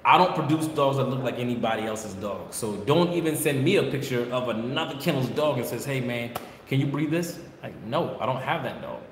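A man's voice: mid-range voice, animated, a little fast, few pauses. Blunt man lecturing in an echoey kennel. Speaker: dog breeder. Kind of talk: casual vlog talk. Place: kennel with dogs barking behind. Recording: echoey room, noisy background.

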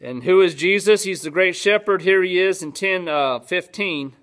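A man's voice: sits high, moderate pace, hardly any pauses, fairly bright tone. A male pastor teaching a sermon in a church, conversational, often asking his congregation questions and answering them himself.

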